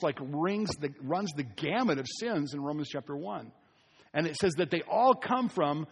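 A man's voice: on the high side, husky. A man preaching a conversational sermon, repeating key phrases for emphasis. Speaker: pastor. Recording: long hall reverb.

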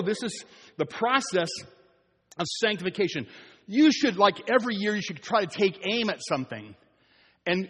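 A man's voice: high-pitched, a bit bright, husky, big-room sound. A man preaching a sermon as pastor, talking in a conversational way with joking asides and rising to earnest emphasis. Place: church sanctuary.

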